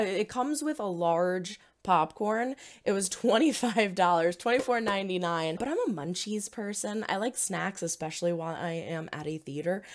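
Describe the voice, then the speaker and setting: A woman with a New Jersey accent hosting a casual unboxing and review video, chatting in a gushing, excited way with quick asides. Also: fairly low pitch. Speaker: reaction video host.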